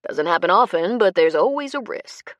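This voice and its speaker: Brief: a woman doing a slick male swindler in an audiobook, oily charm with menace underneath, low and dry. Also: animated, normal speed, no echo, lo-fi sound, lightly acted. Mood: menacing. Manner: fake charm turning cold and cruel. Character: smooth adult male con man, menacing.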